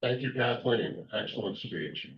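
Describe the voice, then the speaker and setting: A man's voice: mid-range voice, unhurried. Man leading a meeting, heard from afar. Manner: lively, chatty, introduces a joke. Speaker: meeting leader. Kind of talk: running a club meeting. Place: meeting room at a club lunch. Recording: distant mic, dull lo-fi sound.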